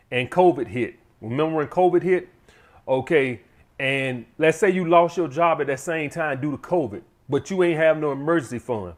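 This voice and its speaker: Blunt, profane man talking money. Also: fairly high pitch. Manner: blunt, profane, keeps addressing the audience as guys. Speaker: channel host giving money advice. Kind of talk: casual advice monologue.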